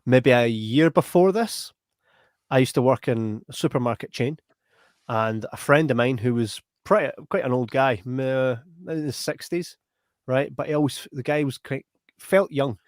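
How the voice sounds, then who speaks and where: On a clean studio recording with no echo, a young Scottish man hosts a podcast in a mid-range voice at moderate pace. He rambles animatedly through a long story, frequently ending lines with "right?".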